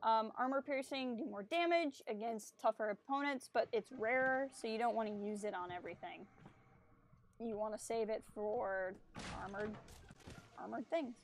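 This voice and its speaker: A woman's voice: on the high side, normal speed, a little hiss or hum. A woman streaming a video game, chatting casually, explaining mechanics and teasing enemies on screen. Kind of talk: casual gameplay commentary.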